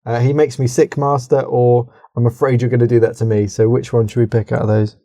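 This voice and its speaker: A man's voice: mid-range voice, level tone, a little fast, dark tone, no room sound. A man co-hosting a podcast who reads an interactive story aloud, swearing, laughing and breaking off to comment. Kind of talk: casual podcast chat and story reading.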